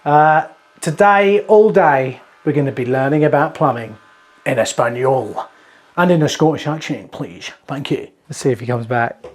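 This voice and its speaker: A man's voice: mid-range voice, moderate pace, slight background noise. A man, a plumber and channel host, chatting casually and jokily to viewers while he works in a house. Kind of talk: casual DIY vlog chat. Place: house interior and loft.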